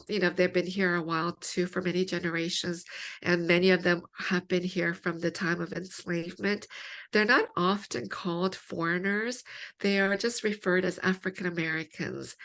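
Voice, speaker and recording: A woman's voice: on the low side, fairly even intonation, normal speed, a bit bright. A woman theologian answering podcast interview questions in an earnest, explanatory way, building her point through many examples. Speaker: theologian guest.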